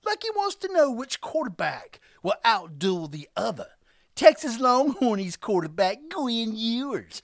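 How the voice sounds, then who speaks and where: A woman hosts a college football picks show, reading her script with playful, over-the-top emphasis. Her voice sits high and leaps all over the place as she takes her time with each phrase. The sound is dry and close. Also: dry recording. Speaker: podcast host. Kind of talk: scripted sports picks narration.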